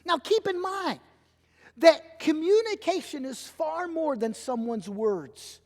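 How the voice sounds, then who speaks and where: Middle-aged guy preaching, high voice, lots of emphasis, big church reverb. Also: takes it slowly. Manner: animated, emphatic preaching with acted-out quotes. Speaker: pastor. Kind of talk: sermon. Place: church sanctuary. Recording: long church hall reverb.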